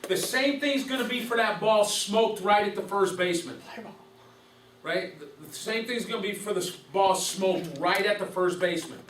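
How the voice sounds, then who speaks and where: This umpire instructor leads his class in a conversational style, asking questions and going back over the main points. He speaks at a moderate pace in a high, fairly bright voice, captured on a distant mic in a roomy space with a faint hiss.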